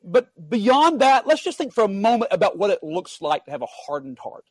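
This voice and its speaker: A man preaching a sermon, earnest and emphatic, building up then dropping to quiet asides. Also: high voice, sing-song, normal speed, dry recording.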